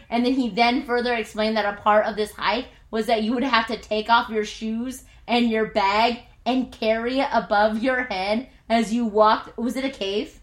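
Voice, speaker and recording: Animated woman preaching in an echoey room. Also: on the high side, moderate pace, few pauses. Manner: animated, self-mocking storyteller with lots of "like". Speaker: pastor. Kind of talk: sermon with personal storytelling.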